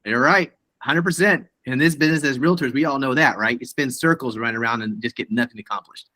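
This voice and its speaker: Upbeat bright-voiced male host. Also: mid-range voice, fast talker, no room sound. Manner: upbeat, effusive praise, says awesome often. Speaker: meeting host. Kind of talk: hosting a team video meeting.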